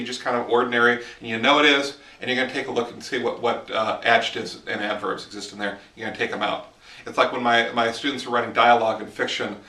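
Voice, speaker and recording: A man's voice: mid-range voice, sharp tone, reverberant, far from the mic. A man teaching writing in a casual, explanatory monologue while walking outdoors in the woods, filming on a handheld camera. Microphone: handheld camera mic.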